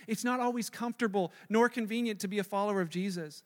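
A man preaching a sermon as a pastor, animated and acting out the voices he quotes, often repeating words as he presses a point. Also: high voice, fast, few pauses. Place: church sanctuary. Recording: long reverb of a large hall.

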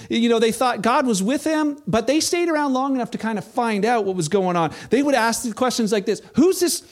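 A man preaching a sermon, telling the story in a casual, animated way and acting out the people in it. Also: very high-pitched. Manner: animated storytelling, acts out quoted voices. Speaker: pastor.

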